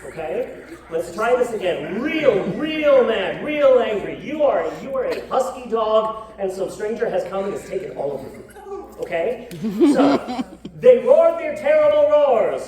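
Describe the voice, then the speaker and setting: Comic woman storyteller, high animated voice, far mic, crowd noise behind. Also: moderate pace. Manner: animated, joking asides, coaxing the crowd. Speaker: storyteller, comedian. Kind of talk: live comedic storybook reading with audience participation. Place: live show venue with audience. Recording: echoey room, far mic, audience noise.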